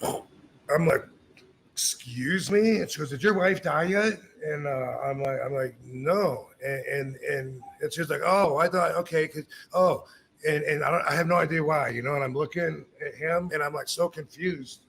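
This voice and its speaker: Middle-aged man, gravelly voice, fairly high pitch, casual storytelling, animated quoted dialogue, faint background noise. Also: normal speed. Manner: animated, acts out quoted dialogue, frequent restarts. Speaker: podcast host.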